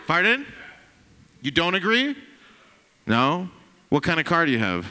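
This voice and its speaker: A brash, profane man works a comedy club crowd in a bright, forceful voice. His pitch swings widely as he teases the audience. The long reverb of the room hangs behind him, with a faint hiss. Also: sing-song, unhurried. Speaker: stand-up comedian. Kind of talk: stand-up set with crowd work.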